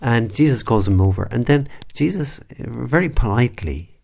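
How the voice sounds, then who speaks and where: A man, a priest, leading a spoken prayer meditation in a reflective, unhurried way, with soft asides and restarts. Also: medium pitch, expressive, creaky.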